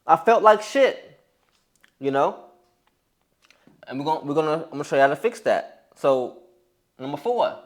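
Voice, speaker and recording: A young man giving a blunt, profane motivational talk as a fitness coach, often restarting his sentences. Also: high voice. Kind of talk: motivational monologue.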